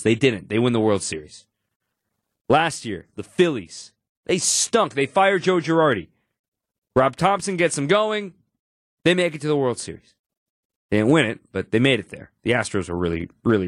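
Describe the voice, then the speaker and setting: A man hosting a sports talk show, stuffed up from allergies, talking in an animated and emphatic way that repeats points for stress. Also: mid-range voice, dry recording, clean studio sound. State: congested from allergies. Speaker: podcast host.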